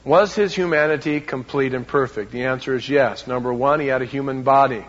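A man preaching a sermon as a pastor, emphatic, swinging between loud and hushed, often repeating words. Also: medium pitch, fairly quick, lo-fi sound.

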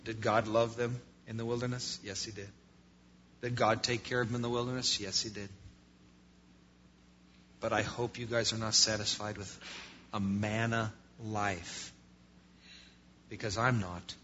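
A man preaching a sermon as pastor, swinging between loud passages and quiet ones. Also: on the low side, flat delivery, a little slow, long pauses, slight background noise. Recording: lo-fi muffled sound.

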